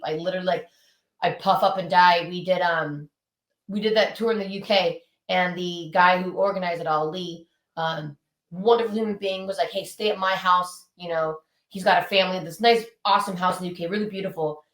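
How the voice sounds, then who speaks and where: Punk rocker woman in her 30s chatting at home, lively stories, lowish voice, roomy echo. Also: a little fast. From Southern California. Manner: animated storyteller, swears freely. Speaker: punk band musician, guest. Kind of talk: casual interview chat. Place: home, indoors with dogs. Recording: echoey room.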